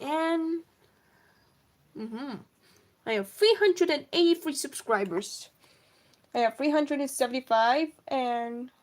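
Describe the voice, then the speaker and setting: Woman streaming her comic drawing, kinda high voice, rambly, keeps coughing. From Russia. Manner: rambling, self-correcting, frequent coughs. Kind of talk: casual live-stream chat while drawing.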